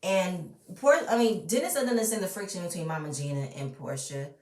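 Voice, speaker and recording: A woman's voice: fairly low pitch, lively intonation, fairly quick, a little mellow. A woman ranting bluntly and with strong opinions while recapping a reality show, swearing freely. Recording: roomy, mic at a distance.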